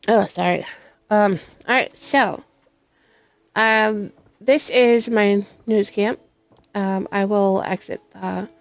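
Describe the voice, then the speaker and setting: A woman's voice: mid-range voice, darkish tone. Woman, gaming host, rambling casual commentary full of fillers. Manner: rambling with frequent ums.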